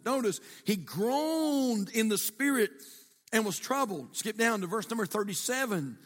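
A man's voice: high-pitched, sing-song, normal speed, a bit bright. A man preaching a sermon, repeating himself for emphasis and asking the congregation questions. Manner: repetitive, emphatic, conversational, asks the congregation questions. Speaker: pastor. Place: church sanctuary. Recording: reverberant church hall.

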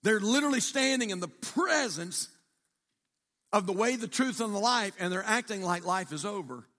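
Man, pastor, emphatic repetitive sermon, high voice, long church reverb. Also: animated, moderate pace, a bit bright. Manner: repetitive, emphatic, conversational, asks the congregation questions. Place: church sanctuary.

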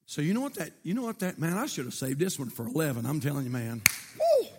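Preacher guy, high voice, gets loud and shouty then drops low. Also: big pitch swings, fast talker, heavy background noise. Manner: preaching with rising shouts and call-outs to the church. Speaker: pastor. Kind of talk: sermon.

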